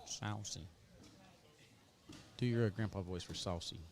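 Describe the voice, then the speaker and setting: A man's voice: on the low side, a little fast, very noisy. A man giving casual, chatty play-by-play commentary on a cornhole match, joking with his co-host.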